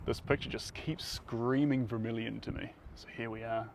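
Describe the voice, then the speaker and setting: A man's voice: mid-range voice, fairly even intonation, moderate pace. Chatty New Zealand man painting outdoors. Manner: chatty, rambling while painting. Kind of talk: live painting stream chat. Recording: outdoor noise with passing traffic. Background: outdoor ambience and vehicles.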